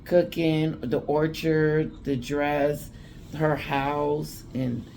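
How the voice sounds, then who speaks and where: A drowsy woman talks slowly in a low, gravelly voice, rambling and half-tipsy as she chats through a late-night vlog. Faint noise hums behind her. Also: steady tone, a little mellow. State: sleepy after drinks. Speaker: vlogger. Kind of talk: casual chat reacting to news clips.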